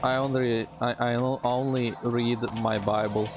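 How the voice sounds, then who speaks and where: A man's voice: mid-range voice, level tone, a little slow. A man streaming a video game, chatting casually and swearing as he thinks aloud. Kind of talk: casual gameplay commentary. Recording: game music playing behind.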